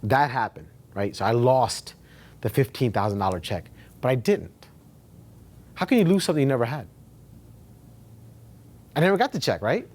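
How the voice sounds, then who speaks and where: A man telling his own business story at a meetup in a casual, animated way, casually swearing and repeating himself for emphasis. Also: mid-range voice, moderate pace, long pauses. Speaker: real estate agent sharing his story.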